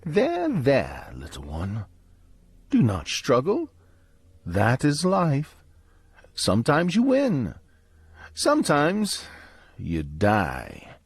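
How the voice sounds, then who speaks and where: A man voicing a softly menacing male intruder who calls himself the child's uncle, in a slow, hushed villain monologue for a horror story. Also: mid-range voice, huge pitch swings, breathy edge, no room sound, heavily acted.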